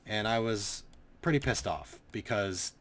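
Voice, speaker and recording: Deep-voiced sarcastic male gaming commentator. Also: measured pace, a bit bright. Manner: rambling, sarcastic, swears freely. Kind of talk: casual gameplay commentary.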